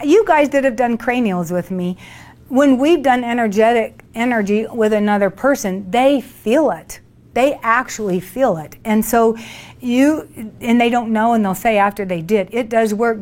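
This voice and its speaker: A woman's voice: on the high side, darkish tone. A woman leading a workshop, telling chatty stories to a group and acting out her own past words with laughs. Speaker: workshop leader. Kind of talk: storytelling talk to a group.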